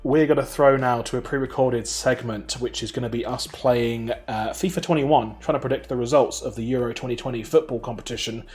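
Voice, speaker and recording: A man's voice: medium pitch, steady tone, darkish tone, faint music behind. A man hosting a show, thanking a guest politely and throwing to the next segment. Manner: brisk, polite presenter. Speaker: host. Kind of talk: scripted show link.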